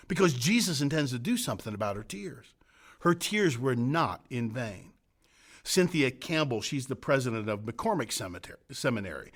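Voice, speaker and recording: Expressive middle-aged man preaching a sermon. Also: fairly high pitch, normal speed. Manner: earnest, building emphatic repetitions then dropping to soft hushed phrases. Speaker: senior pastor.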